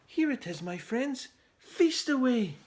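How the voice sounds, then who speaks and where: A man voicing a gentle, very polite young Viking boy who speaks cheerily. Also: very high-pitched, big pitch swings, slow pace, a little hiss or hum, pitched above the performer's own voice, heavily acted. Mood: cheerful.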